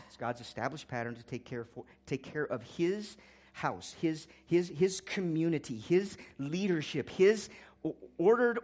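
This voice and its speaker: A male pastor delivering a sermon with real fervor. His voice sits at a middle pitch, dropping low and soft for reflective points, then climbing loud and high to drive a message home. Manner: impassioned preaching, swinging from quiet to loud.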